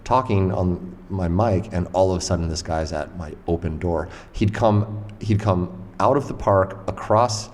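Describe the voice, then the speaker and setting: Podcast host, male, very low voice, animated storyteller who swears casually; long reverb room sound. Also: a little slow.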